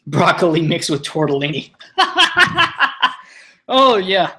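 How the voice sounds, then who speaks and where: A man's voice: fairly high pitch, normal speed. A young man hosting a live stream, chatting casually, rambling, swearing and laughing while he sets up. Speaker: stream host.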